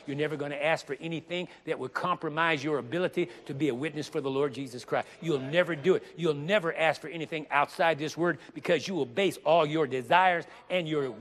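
A man delivers a sermon in a slightly high voice, slowing down on key words for dramatic emphasis. He breaks it up with joking asides. His voice rings out with a long reverb in a large hall. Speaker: preacher.

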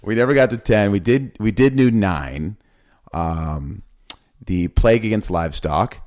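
Man, podcast host, casual talk, insistent questioner, lowish pitch. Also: unhurried, darkish tone. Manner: insistent, pressing questions repeatedly.

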